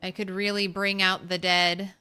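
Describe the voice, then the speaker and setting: A woman's voice: mid-range voice, level tone, moderate pace, pushed and bright, clean tone. A woman streamer chatting casually with her viewers while playing a game, rambling and talking to chat. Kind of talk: casual gameplay commentary.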